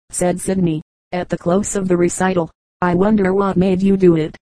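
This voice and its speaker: A woman reading a children's story aloud as an audiobook narrator, in an even, measured way. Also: fairly low pitch, no echo, rough recording. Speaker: audiobook reader. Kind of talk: scripted narration.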